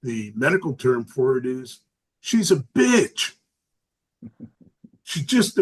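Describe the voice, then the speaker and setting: An older man doing a stand-up comedy set, a self-described lovable curmudgeon delivering dry, deadpan jokes about family. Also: medium pitch, slow, long pauses, slightly rough, low-quality recording. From Southern California.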